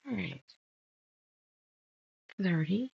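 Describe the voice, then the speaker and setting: A woman's voice: lowish voice, very animated, extremely slow, vocal fry, slightly rough, dry recording, lo-fi sound. A woman hosting a casual sew-along, muttering measurements and chatting while she sorts fabric pieces. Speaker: quilting channel host.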